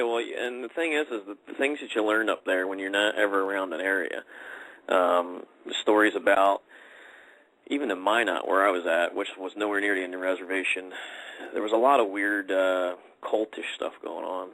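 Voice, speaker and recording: Deep-voiced man telling a rambling story. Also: steady tone, moderate pace, a bit bright, poor audio. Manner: rambling, conversational, many fillers. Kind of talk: casual storytelling on a podcast.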